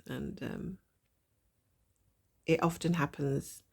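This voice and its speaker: A woman with a gravelly voice and a blocked nose from a cold, chatting casually and thinking aloud while she stitches, with a self-deprecating manner. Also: low-pitched, measured pace, darkish tone. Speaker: cross-stitch vlogger. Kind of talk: casual stitch-along chat.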